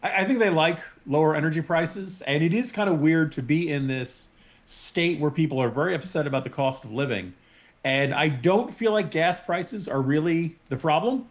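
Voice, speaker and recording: Guest pundit guy on a video call, slightly higher voice, careful and analytical. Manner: measured and analytical, hedges his points. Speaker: guest columnist and podcaster. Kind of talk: talk radio panel discussion.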